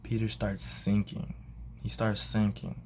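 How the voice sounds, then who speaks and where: The vlogger, a young man, speaks at a measured pace in a fairly low voice, with a little hiss or hum on the recording. Telling a personal story casually, he animates quoted people through sudden vocal jumps.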